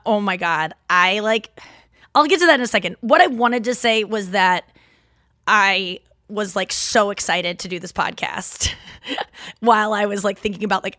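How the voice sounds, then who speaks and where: A woman's voice: mid-range voice, dry recording, studio quality. Chatty Midwestern woman podcast host. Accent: Midwestern American. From St. Louis, Midwest US. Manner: rambling, animated, lots of fillers and self-interruptions. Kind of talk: casual solo podcast chat. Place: home, seated in a chair.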